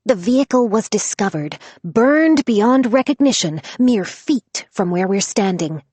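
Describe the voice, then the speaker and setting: A woman narrating an audiobook, voicing a stubborn, sharp-tongued young woman who speaks shrilly and defiantly. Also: medium pitch, animated, measured pace, husky, no room sound, pitched above the performer's own voice. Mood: reporting. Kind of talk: audiobook character voice.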